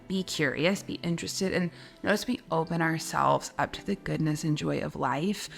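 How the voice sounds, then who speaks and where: A woman spiritual coach giving a gentle guided teaching talk, speaking softly and slowly with soothing, repeated phrases. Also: low voice, creaky.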